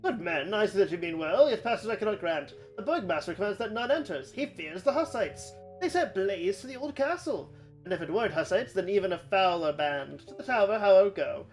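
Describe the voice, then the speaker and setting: A woman's voice: medium pitch, expressive, brisk, faint music behind, natural voice. A woman voicing a stern, dutiful male town guard in a video game, speaking formally in old-fashioned English. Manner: formal archaic.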